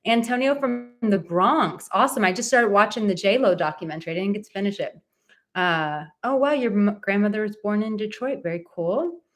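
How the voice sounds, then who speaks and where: A woman's voice: medium pitch, expressive, a little fast. A woman relationship coach in casual live-stream chat from a relative's home, bubbly and talkative, reading out viewer comments.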